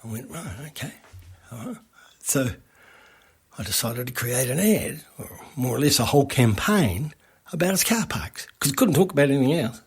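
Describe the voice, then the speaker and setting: Rambling Australian man, gravelly voice. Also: medium pitch, animated, normal speed. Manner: rambling, with many restarts and asides. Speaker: radio advertising creator. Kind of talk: casual anecdote.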